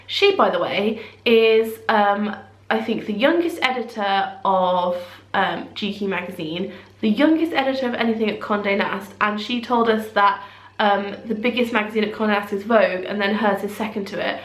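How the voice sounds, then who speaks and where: A woman's voice: medium pitch, moderate pace. A woman vlogging to camera in a chatty, self-deprecating way, with rambling asides. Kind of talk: casual talk to camera. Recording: echoey room.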